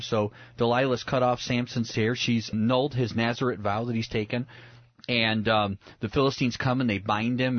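A man's voice: medium pitch, no echo, muffled recording. A man speaking as a pastor and radio guest, teaching on a Bible passage in an earnest, reflective way, often restarting his sentences.

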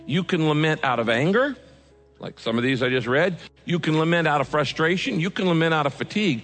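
A male pastor preaching a sermon, swinging from loud pleading prayers to hushed, earnest asides. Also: fairly high pitch, expressive, a little fast. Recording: music under the voice, long hall reverb.

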